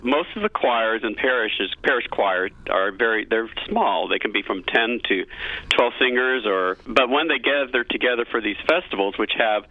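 A man's voice: mid-range voice, moderate pace, no room sound. A middle-aged man, a cathedral choir director, talking earnestly and enthusiastically as a guest in a radio interview over a phone line. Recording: tinny phone line, dry.

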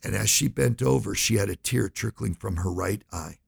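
A man's voice: lowish voice, moderate pace, vocal fry, husky. A middle-aged man, a financial advisor, telling a story in an interview and acting out the voices he quotes.

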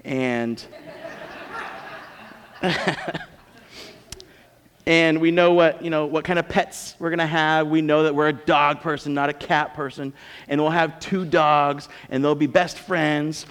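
American pastor guy, kinda high voice, chatty jokey sermon, big echoey church hall. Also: smooth. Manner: joking, conversational, lively preaching. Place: church auditorium. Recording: long reverb of a church hall.

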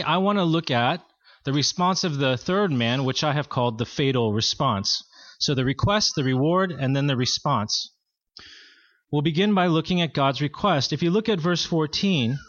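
A pastor delivers a sermon in a measured, earnest way, his voice sitting fairly high for a man. The sound is dry with no room echo, and a little dull, like a modest lo-fi recording. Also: a bit bright.

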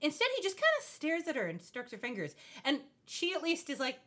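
Woman podcast co-host, casual recap chat, bright tense voice, animated and laughing. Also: high-pitched, a little fast. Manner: animated, laughing, expressive storyteller.

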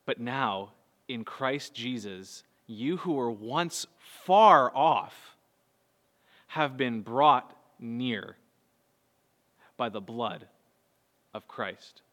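A man, preaching a sermon earnestly, moving between soft low passages and raised, urgent bursts. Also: lively intonation, extremely slow, long pauses. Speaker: pastor. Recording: long hall reverb.

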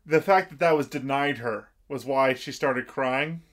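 A man's voice: mid-range voice, measured pace. A man in casual chat explaining an anime plot, hesitant with fillers. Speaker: podcast co-host.

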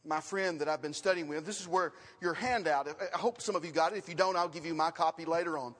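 A man's voice: on the high side, fairly even intonation, fast, fairly bright tone. A man preaching a sermon and teaching his congregation, with questions and emphatic repetition. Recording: long reverb of a hall.

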